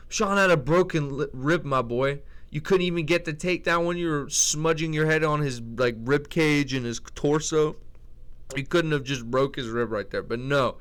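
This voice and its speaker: Young man, smooth clear voice, mid-pitched, profane incredulous rambling vlog rant. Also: fairly bright tone. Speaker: MMA tier list vlogger. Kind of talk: casual ranting commentary.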